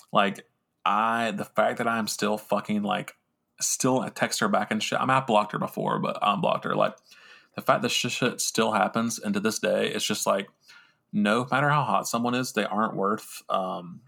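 A young man rambles through a story on his podcast, swearing freely and mocking himself as he goes. His low voice has a gravelly fry with a bright, forward edge. He talks in a loose, casual way, full of restarts and fillers. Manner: rambling, profane, self-mocking. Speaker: podcast host.

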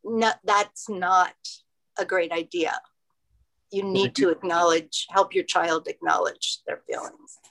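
A woman speaks at an unhurried pace, calmly explaining and giving advice in a casual group discussion. She talks steadily as a co-host. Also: fairly low pitch, low-quality recording.

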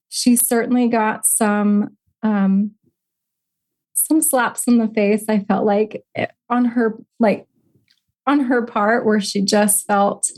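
A middle-aged woman, a life coach and podcast guest, telling a personal story and teaching in an earnest, heartfelt way. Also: medium pitch. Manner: earnest, heartfelt, gently instructive.

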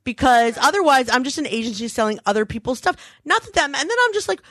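This podcast co-host talks quickly with few pauses, recorded at studio quality with no room sound. Chatting casually, she tells lively stories and acts out the quotes, her pitch jumping widely.

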